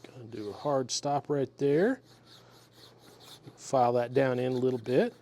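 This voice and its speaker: A man talking through a guitar repair step by step in his workshop, relaxed and methodical as he works with his hands. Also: mid-range voice, a little slow. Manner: relaxed, methodical, talks while working with hands. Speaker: luthier demonstrating a repair.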